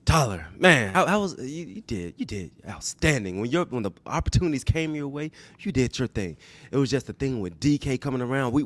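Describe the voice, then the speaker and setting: A man imitating an older male head football coach, speaking in an earnest, measured, reassuring way during a podcast bit. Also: mid-range voice, lightly acted. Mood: sincere.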